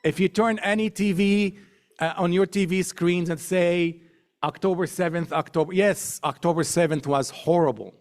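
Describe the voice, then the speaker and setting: A man's voice: high voice, normal speed. Emphatic middle-aged male speaker. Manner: emphatic, builds points through repetition and lists. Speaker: guest speaker. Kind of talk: public talk to an audience.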